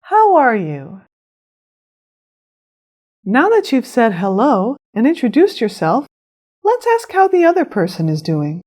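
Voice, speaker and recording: A woman narrates a scripted language lesson in a higher voice that moves a lot in pitch. She explains each phrase clearly and pronounces it with care. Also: wildly swooping pitch, a little mellow. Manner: clear, measured instruction with careful pronunciation. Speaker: language teacher.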